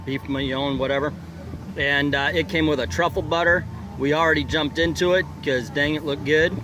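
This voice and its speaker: Outdoors at a theme park festival, a vlogger hosts a casual food video, cracking jokes and reading menu items aloud while loud music plays nearby. His voice is a bit high with a steady tone at a normal pace, over background noise.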